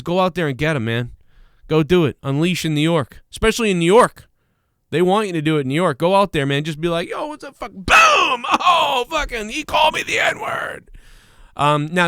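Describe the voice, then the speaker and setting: A man's voice: a little high, clean tone, no room sound, studio quality. A man hosting a live talk show, ranting crudely and mimicking voices as he tells stories. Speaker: podcast host. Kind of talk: casual talk show banter.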